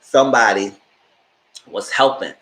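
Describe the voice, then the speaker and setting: A man giving a casual live stream recap of a TV show, retelling scenes in a lively way and acting out what the characters say. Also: lowish voice, measured pace, roomy sound. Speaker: TV show reviewer.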